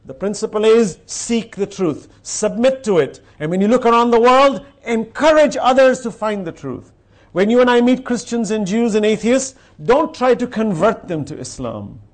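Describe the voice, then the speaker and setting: A man giving a religious lecture, telling stories with lively acted-out dialogue and reciting scripture in Arabic. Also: high-pitched. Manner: animated storytelling, acts out quoted exchanges. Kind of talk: sermon.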